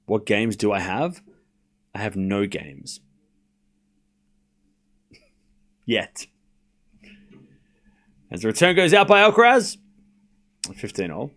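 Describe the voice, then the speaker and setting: A man hosting a live stream, calling tennis points with excitable play-by-play and chatting casually with his viewers. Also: on the low side, takes it slowly, pauses often. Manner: excitable play-by-play mixed with laid-back banter to chat. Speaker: stream host doing live tennis commentary.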